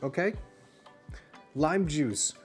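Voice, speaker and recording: A streamer plays a bartender for laughs, rambling and playful, with plenty of fillers. The pitch sits in the middle range. Soft music runs quietly underneath. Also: animated, drawn-out words. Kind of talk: comedic livestream bartending bit. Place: home streaming setup.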